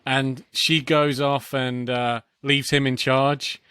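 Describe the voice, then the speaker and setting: A man co-hosting a podcast, chatting casually about a film, halting often with restarts and short laughs. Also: mid-range voice, level tone, sharp tone, smooth, no room sound, clean studio sound. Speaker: podcast co-host.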